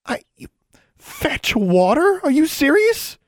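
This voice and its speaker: A man voicing an indignant teenage witch girl with shrill, exasperated outbursts. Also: wildly swooping pitch, brisk, fairly bright tone, no room sound, studio quality, full character voice. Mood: incredulous. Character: young woman, indignant teen witch.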